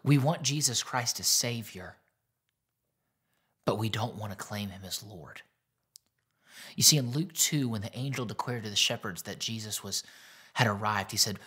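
A male pastor preaching a sermon that retells a Bible story. He is earnest and often drops to a soft near-whisper. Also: lowish voice, normal speed, slightly rough.

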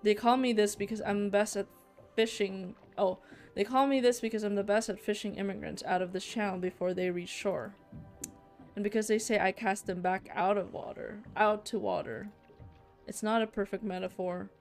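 A smug sea patrol leader in a narrative game boasts of his work with quiet menace, as a woman reads him out in her own voice. The delivery is even and self-satisfied. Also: medium pitch, normal speed, faint music behind, natural voice.

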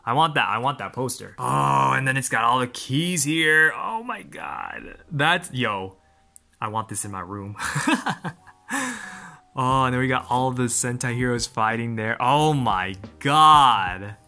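A man hosting an unboxing vlog, excitable and gushing, full of exclamations. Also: medium pitch, a little slow, vocal fry. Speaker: channel host.

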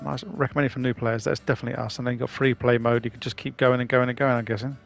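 A man's voice: mid-range voice, level tone, very fast, creaky. A man casually commenting on a video game he is playing for the first time, chatty and rambling. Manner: chatty, rambling, self-deprecating. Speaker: gaming channel host.

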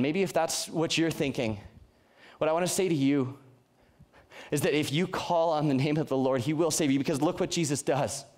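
A young youth pastor, his voice on the high side and a little fast, delivers an earnest, conversational sermon to young people. He frequently restarts his sentences.

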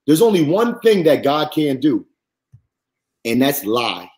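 Male guest, higher voice, earnest faith testimony, lively and heartfelt. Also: takes it slowly. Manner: earnest, animated, rises high when quoting. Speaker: podcast guest. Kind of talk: faith-centered personal testimony.

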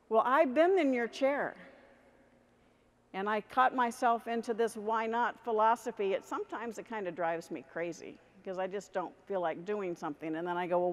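A middle-aged woman giving a motivational conference talk, speaking straight to the audience and leading them in exercises. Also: mid-range voice. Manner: energetic, addresses the audience directly and leads them in exercises. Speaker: keynote speaker. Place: large conference hall. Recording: long hall reverb.

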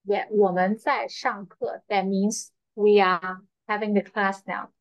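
A woman's voice: mid-range voice, level tone, slow, no echo. A woman teaching Chinese in a patient online lesson from a school, repeating phrases with frequent fillers. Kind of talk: slow, repetitive online language lesson. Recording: slightly dull, dry lo-fi sound.

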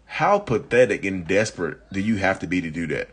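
A man's voice: low-pitched, big pitch swings, a little fast, husky. A man hosting a casual live chat, reading viewer comments and answering bluntly, still coughing from an illness. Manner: blunt, chatty, addresses viewers as y'all. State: getting over illness, coughing. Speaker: live-stream host.

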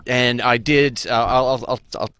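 A man's voice: medium pitch, steady tone, normal speed, a loud crowd. A man co-hosting a radio talk show, sheepishly defending himself against teasing. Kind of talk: crude comedic radio banter.

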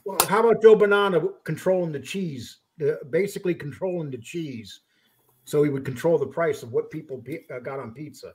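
A man hosting a live online chat, joking, laughing easily and telling rough stories. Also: fairly high pitch, a little fast, a little mellow. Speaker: live stream host. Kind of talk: casual chat.

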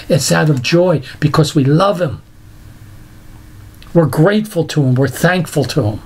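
A man's voice: fairly high pitch, a little mellow. An older man preaching a sermon, telling stories with laughs and emphatic repeats. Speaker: pastor.

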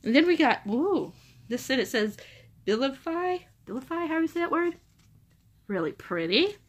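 A young woman unboxing a book subscription box in casual chat, gushing and excitable. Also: high-pitched, moderate pace. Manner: gushing, excitable, repeats "oh my gosh".

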